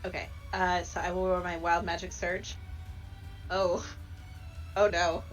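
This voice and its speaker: A woman's voice: lowish voice, a little slow, faint music behind, low-quality recording. Brief: woman, tabletop player, talkative and upbeat, with jumps into character voices. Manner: chatty, breaks into lively voices for her character. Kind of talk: playing a tabletop game.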